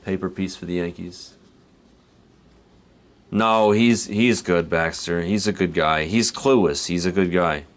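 A man's voice: deep voice, a little slow, pauses often. A man casually chatting on a live stream while opening cards, rambling and chuckling as he reads names aloud. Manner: rambling, laid-back, chuckles between remarks, reads card names aloud. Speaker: card break host.

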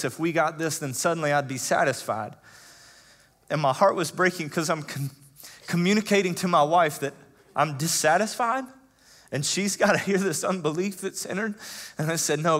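A man in his thirties preaching as a pastor, telling personal stories in a conversational way with frequent fillers, dropping to hushed tones and rising to loud, emotional emphasis. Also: fairly high pitch.

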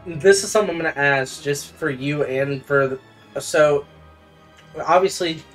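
A man's voice: on the high side, normal speed, faint music behind. A young man co-hosting a casual video game playthrough, giggly and easily amused. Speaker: co-host and video editor. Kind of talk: casual gaming chat.

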